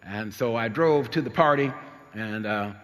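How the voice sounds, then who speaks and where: A man's voice: medium pitch, measured pace, a bit bright, big-room sound. A man in his sixties from New Jersey, a pastor preaching and telling a story from his youth with lots of repetition and laughter. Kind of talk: sermon with personal storytelling.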